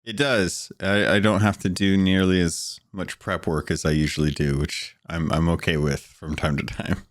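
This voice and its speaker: A man guesting on a podcast, talking in a relaxed, rambling way with plenty of fillers, in a deep morning voice. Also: normal speed, dry recording, clean studio sound. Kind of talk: casual podcast chat.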